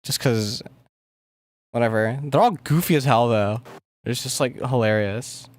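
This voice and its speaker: A man's voice: medium pitch, a little slow. A young man chatting casually on a livestream while making music, rambling, mumbling and swearing as he works. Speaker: music producer streaming.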